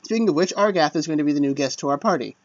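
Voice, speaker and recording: A man's voice: on the high side, animated, rapid-fire, no room sound. Chatty man commenting on a strategy game. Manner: chatty, self-deprecating, mutters under breath. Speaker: let's play commentator. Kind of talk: casual gameplay commentary. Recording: dull lo-fi dry mic.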